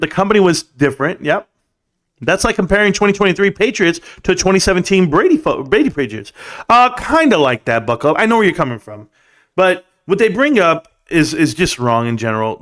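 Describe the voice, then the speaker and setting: Male stream host with a slightly high voice, animated and scornful, chatting casually with viewers. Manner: animated, ranting, mocking. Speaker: livestream host. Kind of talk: casual livestream chat reading comments.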